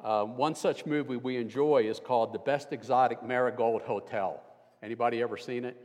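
A man's voice: mid-range voice, fairly even intonation, fairly quick, darkish tone. An older man giving a conversational sermon as a guest preacher, with dry, self-deprecating humor. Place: church sanctuary. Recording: long hall reverb.

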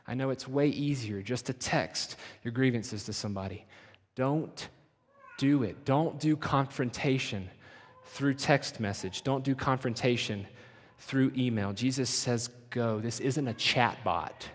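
Male pastor, sermon, emphatic, loud then hushed, long hall reverb, mid pitch. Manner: emphatic, swinging from loud urging to hushed, slowed phrases.

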